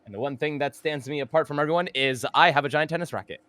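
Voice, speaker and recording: A man's voice: a little high, quick pace, sharp tone. A man guesting on a casual podcast, cheerful and giggly as he chats about music and games.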